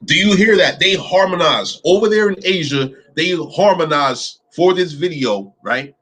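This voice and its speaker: Animated reaction commentator, a man with a high, bright voice who swears freely and keeps firing rhetorical questions. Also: a little slow, husky.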